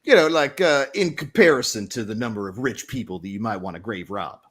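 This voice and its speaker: A man's voice: medium pitch, lively intonation, fairly quick, slightly rough. A man playing a rambling, conspiratorial newspaper reporter as game master in a tabletop role-play. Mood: confiding. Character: gossipy middle-aged male small-town newspaper reporter.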